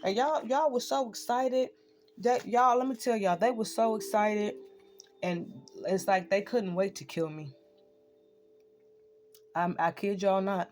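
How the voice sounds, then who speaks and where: A woman's voice: medium pitch, unhurried, long pauses, darkish tone, faint music behind. A woman ranting in a casual spoken monologue, swearing freely and tossing in "right?" again and again. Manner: profane, ranting, keeps asking "right?". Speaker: online spiritual speaker.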